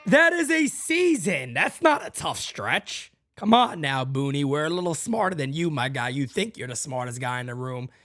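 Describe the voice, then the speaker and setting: Speaking at normal speed with hardly any pauses, this podcast host has a mid-range, fairly bright voice. He tears into a heated, blunt, profane rant for his fan show, talking directly to listeners as "guys" and "folks."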